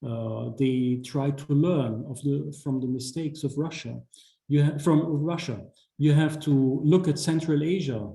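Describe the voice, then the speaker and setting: A middle-aged man speaks in English over a video call, his voice very dark and mellow. He talks in a measured, halting way, full of "uh" and "um" and restarted phrases. The sound is roomy, with a clear echo from the space around him. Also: fairly high pitch. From Austria. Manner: measured, many fillers and restarts. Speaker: guest speaker, ambassador. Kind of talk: online talk, lecture.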